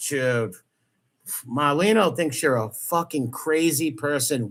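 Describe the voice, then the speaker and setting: A man's voice: a little high, measured pace, a bit bright. A man giving angry reaction commentary, mocking and profane as he picks apart a clip.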